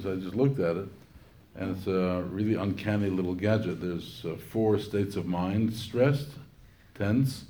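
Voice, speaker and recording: A man's voice: low-pitched, mellow. A man speaking casually to an audience, with chatty, joking asides.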